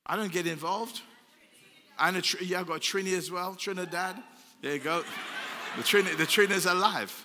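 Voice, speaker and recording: A man's voice: high voice, moderate pace, pauses often, noisy background. An older man preaching a sermon as pastor, emphatic and repetitive, asking the crowd rhetorical questions. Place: church hall. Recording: long church hall reverb.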